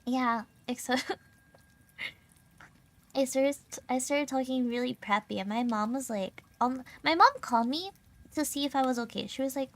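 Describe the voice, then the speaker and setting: A woman's voice: high-pitched, moderate pace. A young adult woman VTuber streamer in casual chat, bubbly and giggly with lots of filler words, her throat a little sore and strained.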